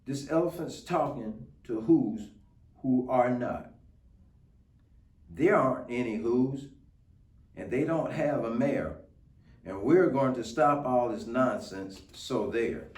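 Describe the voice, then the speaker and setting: A man voicing mocking monkey brothers who shout and scoff. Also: mid-range voice, expressive, slow pace, pauses often. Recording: roomy, distant mic.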